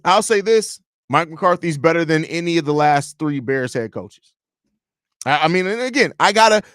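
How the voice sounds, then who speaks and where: Man, sports podcast host, slightly high voice, dry close sound, opinionated, casual. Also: a bit bright, dry recording. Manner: opinionated, loose, reads chat comments aloud. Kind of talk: casual sports talk livestream.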